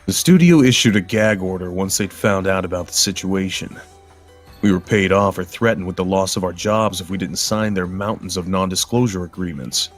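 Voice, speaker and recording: A guest storyteller with a deep voice reads a horror story aloud in a grim, bitter, world-weary tone, then chats casually with his co-hosts. He speaks at normal speed over faint background music.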